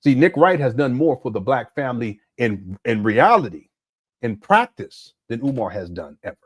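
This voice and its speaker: Host, male, 50s, blunt casual reaction commentary, animated delivery. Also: mid-range voice, moderate pace, husky, no room sound, clean studio sound. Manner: blunt, exclamatory, laughs at clips.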